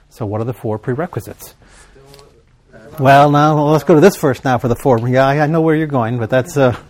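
A man preaching a sermon, leading his congregation in call-and-response and slowing down for emphasis. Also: medium pitch, a little mellow. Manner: call-and-response, prompting the congregation to fill in words; emphatic, with slow deliberate stretches.

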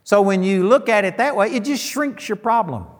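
A man's voice: high voice, animated, moderate pace, in a large hall. A middle-aged man preaching a sermon, telling folksy stories and landing emphatic punchlines.

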